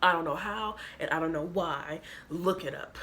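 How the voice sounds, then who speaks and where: A young woman vlogger telling a rambling, animated storytime, repeating herself and getting sassy. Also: low-pitched, moderate pace, a little hiss or hum. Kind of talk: storytime vlog.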